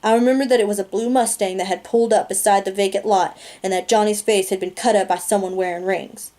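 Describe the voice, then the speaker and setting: A woman reading a novel aloud, her narration steady, plain and unhurried. She keeps an even storybook tone and stumbles over the odd word now and then. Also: medium pitch. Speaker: reader.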